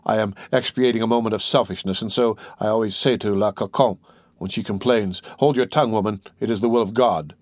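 A man's voice: lowish voice, brisk, no room sound, lightly acted. A man voicing a remorseful, cowardly innkeeper who confesses his past in a self-pitying way in a storybook reading. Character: remorseful, cowardly middle-aged male innkeeper.

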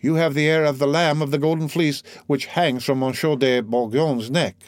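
A man's voice: fairly high pitch, steady tone, normal speed, no echo, lightly acted. A man doing a blunt, coarse torturer. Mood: rough. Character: coarse, gruff male torturer.

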